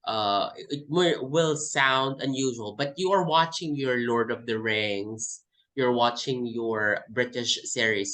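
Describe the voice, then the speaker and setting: A man's voice: medium pitch, pushed and bright, rough recording. A man from the Philippines, teaching an English test class and explaining by repeating example words. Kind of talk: online class lesson.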